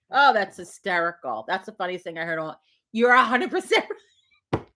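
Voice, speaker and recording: During a relaxed morning livestream, an older female host chats, rambles and swears, laughing often. She speaks at a normal speed in an expressive, medium-pitched voice that sounds pushed and bright.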